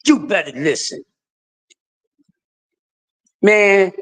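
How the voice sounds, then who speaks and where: A middle-aged man, ranting emphatically on a livestream, shifting from shouting to quiet pleas. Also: high voice, expressive, normal speed, background noise. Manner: emphatic, preachy, swings between shouting and quiet. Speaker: livestream host. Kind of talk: impassioned livestream rant.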